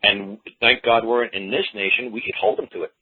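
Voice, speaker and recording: A man's voice: fairly low pitch, fairly even intonation, brisk, breathy edge. Man talking over a tinny phone line. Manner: rambling, folksy, repeats phrases. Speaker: radio show host. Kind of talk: casual talk radio monologue.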